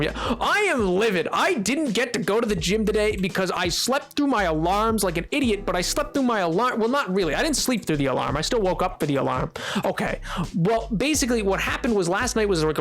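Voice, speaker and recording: A young adult man chats with his viewers while playing, rambling and joking with plenty of fillers. His voice sits high for a man, and faint music runs underneath. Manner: rambling, playful, quick to laugh, filler-heavy. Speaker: game streamer. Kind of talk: casual live-stream chat.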